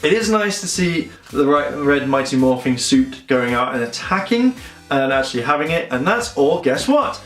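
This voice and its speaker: A man's voice: mid-range voice, a bit bright. Sarcastic guy rambling in a roomy space. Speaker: fan reviewer. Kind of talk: casual episode review. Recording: roomy echo, faint music behind.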